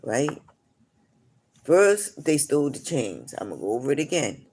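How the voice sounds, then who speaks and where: Casting: gravelly-voiced man, live-stream storyteller who rambles and digresses. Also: a little high, very animated, a little slow, darkish tone. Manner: rambling, full of "you know" asides.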